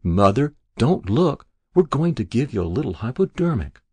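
Man playing a worried grown daughter, gentle, coaxing, raspy, dry sound. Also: medium pitch, very animated, moderate pace, no room sound. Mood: anxious. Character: anxious grown daughter, soothing and patient.

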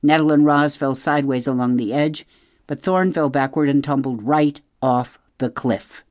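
A middle-aged woman reading a children's novel aloud on radio, expressive and speaking straight to the listener, then signing off as host. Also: rumbling low, normal speed, no echo, studio quality.

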